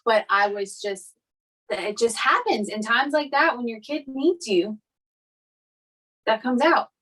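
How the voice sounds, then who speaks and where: A woman's voice: a little high, expressive, takes it slowly, a bit bright, rough recording. A woman co-hosting a podcast, chatting casually and teasing her husband in a matter-of-fact way. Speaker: podcast co-host. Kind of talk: casual chat.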